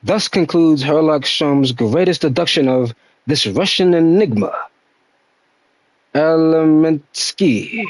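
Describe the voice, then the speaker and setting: A man reading aloud as a theatrical, grandiose male detective, drawing his words out slowly and dramatically. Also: fairly high pitch, expressive, a little mellow, dry recording. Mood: dramatic. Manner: slow, drawn-out dramatic reading. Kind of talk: reading game dialogue aloud.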